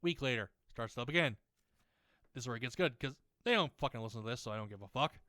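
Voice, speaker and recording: Bright-toned man ranting and swearing. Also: medium pitch, animated, fast, no echo. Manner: rambling, many restarts and fillers. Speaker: gaming video creator. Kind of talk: casual chat over gameplay.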